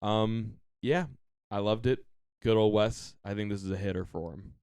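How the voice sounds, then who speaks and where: A man's voice: fairly low pitch, steady tone, normal speed, darkish tone, clear, resonant tone, no room sound, studio quality. A young man co-hosting a podcast, rambling casually with lots of fillers. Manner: rambling, filler-heavy, easygoing. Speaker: podcast co-host. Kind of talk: casual chat.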